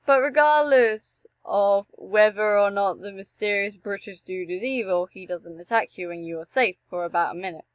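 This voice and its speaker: A young woman reads a text adventure aloud at a middle pitch, breaking off into joking, animated asides. Her voice sits close and dry, with no room sound around it. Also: unhurried, no echo, dull audio. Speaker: gameplay streamer. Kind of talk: reading a text game aloud with commentary.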